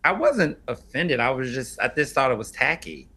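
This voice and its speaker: A man's voice: mid-range voice, animated, normal speed, bright, forceful tone. A man arguing on a debate panel, insistent and exasperated. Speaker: panel guest.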